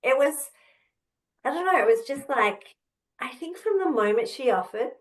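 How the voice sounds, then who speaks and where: With a high-pitched, expressive voice at normal speed, a woman shares her personal story on a podcast where she's a guest. She's an author and entrepreneur, and her account is heartfelt and meandering, with moments where she gets choked up.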